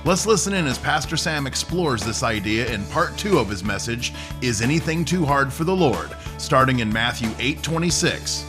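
A male announcer reads a scripted introduction in a calm, measured way. Instrumental music plays clearly behind him. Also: mid-range voice. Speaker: radio program announcer.

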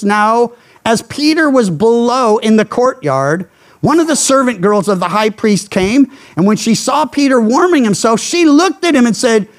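A man pastor preaching a Bible sermon, earnest and emphatic, letting his phrases fall low at the end. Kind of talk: expository sermon.

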